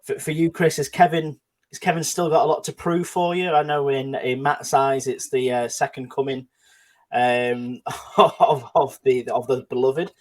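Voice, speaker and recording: A man's voice: medium pitch, fairly even intonation, moderate pace, a little mellow. A man hosting a casual football chat podcast, talking with many fillers and restarts and putting questions to his co-hosts. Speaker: podcast host.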